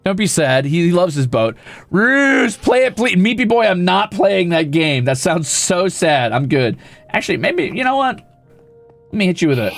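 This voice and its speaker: Playful gravelly-voiced male streamer. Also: on the high side, fairly bright tone. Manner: playful, teasing, mock-boastful. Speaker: VTuber streamer. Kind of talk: casual gaming stream chat.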